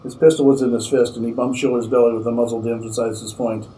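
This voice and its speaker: A man, an author, reading his own fiction aloud at a convention in a steady narrating manner. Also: mid-range voice, fast talker, a little hiss or hum, poor audio.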